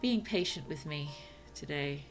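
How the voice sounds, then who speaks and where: A woman's voice: sits low, animated, a little slow, faint music behind. A woman with an Australian accent chatting casually on a livestream, musing aloud and laughing often. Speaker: streamer and writer.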